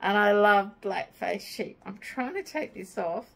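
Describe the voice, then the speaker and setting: A middle-aged woman chatting casually on her craft vlog, excitable and easily moved as she talks. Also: mid-range voice, unhurried, vocal fry, poor audio. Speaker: craft vlogger. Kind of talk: casual chat.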